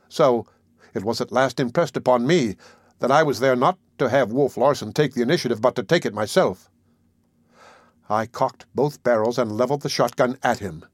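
A man reads a classic novel aloud in the first person, steady and deliberate. His voice is mid-pitched, and the recording is dry and close with no reverb. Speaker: audiobook narrator. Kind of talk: first-person literary narration.

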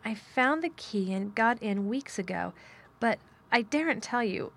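A woman's voice: fairly high pitch, lively intonation, unhurried, creaky, a bit bright, heavily acted. A woman reading aloud, voicing a blunt, sour-tempered young girl in a storybook, frank and plain-spoken.

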